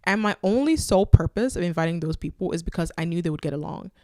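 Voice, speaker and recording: A woman hosting a podcast, giving blunt, animated advice in a casual chat and reading listener letters aloud. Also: on the low side, quick pace, no room sound, clean studio sound. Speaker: podcast host.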